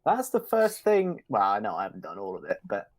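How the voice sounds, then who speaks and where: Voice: low-pitched, wildly swooping pitch, a little fast. A co-host chatting casually on a stream, encouraging and reassuring with a playful streak.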